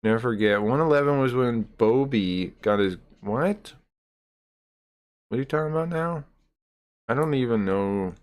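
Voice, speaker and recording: Pitched in the middle with lively intonation, a man talks at a normal speed but pauses often while streaming live. His casual chat with viewers rambles loosely, and he tallies numbers from the screen aloud along the way.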